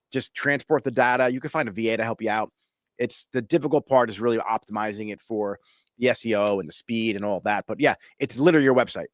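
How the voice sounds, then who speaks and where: A man's voice: medium pitch, dry recording, clean studio sound. A man hosting a podcast, talking business in a blunt, casual way and swearing now and then. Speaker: podcast host.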